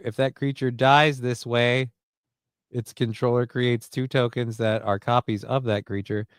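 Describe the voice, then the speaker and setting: Smooth-voiced man hosting a casual livestream. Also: mid-range voice, a bit bright, dry recording. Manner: loose, profane, jokey, reads chat and card text aloud. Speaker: livestream host.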